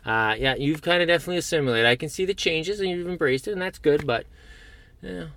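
Bright-voiced Canadian man. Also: a little high, fast talker, no echo. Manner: stammering restarts, easygoing. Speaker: guest, host's brother. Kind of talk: casual conversation.

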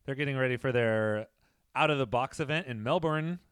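A young adult man co-hosting a podcast in casual chat, joking and laughing often, quoting people in animated voices. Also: medium pitch, fairly quick, clear, resonant tone, no echo, studio quality. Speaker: podcast co-host.

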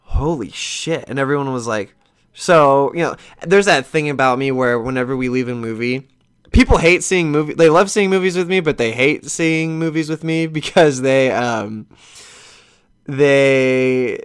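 This podcast host has a clean, mid-range voice and a normal pace as he works through a long, casual, meandering tale, restarting now and then and swearing a bit. Retelling conversations really animates him.

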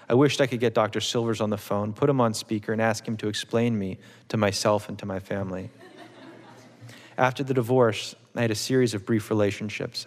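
Author reading: man, low and gravelly, measured and wry, echoing in a big hall. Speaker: author reading his novel. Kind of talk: public reading to a live audience. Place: auditorium stage. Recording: long reverb of a large hall.

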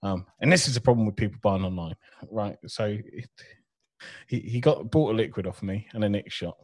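Guy, low voice, swears a lot, blunt podcast banter. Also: a little fast. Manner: sweary, blunt, laughing storyteller. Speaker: podcast co-host, vape shop worker.

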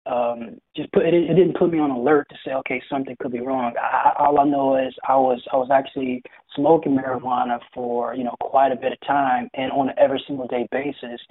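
A young man with a husky, slightly breathy voice recounts his experience in an interview, pausing often and restarting his sentences. His voice comes through a narrow, tinny line like a phone call. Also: mid-range voice. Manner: hesitant, many fillers and restarts. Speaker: interview guest. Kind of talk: personal story in conversation.

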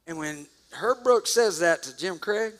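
Animated, bright-voiced male preacher. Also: sits high, measured pace. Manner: animated storytelling with jokes and sudden loud bursts. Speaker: pastor. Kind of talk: sermon.

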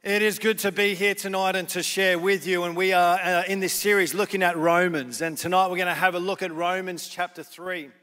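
A man's voice: high-pitched, little pitch movement, fairly quick, hardly any pauses, bright, forceful tone. A young adult man, preaching a sermon in a church hall, telling stories casually with many fillers and restarts. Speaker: pastor. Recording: long hall reverb.

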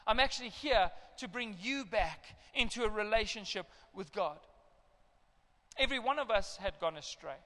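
Middle-aged male pastor, bright tenor, lively sermon storytelling, long church reverb. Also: sits high, normal speed. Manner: animated storytelling with acted parental outbursts.

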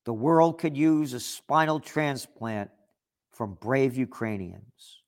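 A man's voice: mid-range voice, lively intonation, slow. A man delivering an opinion monologue, reading out news articles and rebutting them in a sarcastic, indignant tone. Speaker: political commentator.

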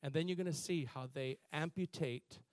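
A man's voice: a little high, moderate pace, no room sound. Impassioned preacher man, dry close sound. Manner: impassioned preaching, building from quiet to loud. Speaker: pastor. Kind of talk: sermon.

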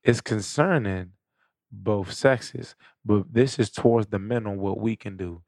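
A man's voice: fairly low pitch, a little slow, vocal fry, darkish tone, dry recording, studio quality. A man co-hosting a podcast, talking in loose, profane, joking street slang. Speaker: podcast co-host. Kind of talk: casual podcast banter.

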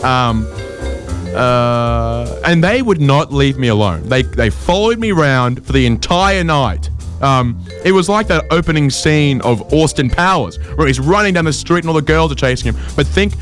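A man, hosting a comedy show and telling rambling stories in a dry, deadpan way. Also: medium pitch, normal speed, faint music behind. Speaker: podcast host. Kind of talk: comedic storytelling and chat.

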